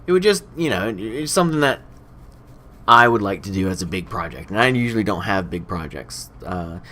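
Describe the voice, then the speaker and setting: Rambling young man with a low voice. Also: expressive, a little fast, bright, forceful tone, a little hiss or hum. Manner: rambling, heavy on "you know" fillers. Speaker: game let's play host. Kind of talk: casual commentary while playing.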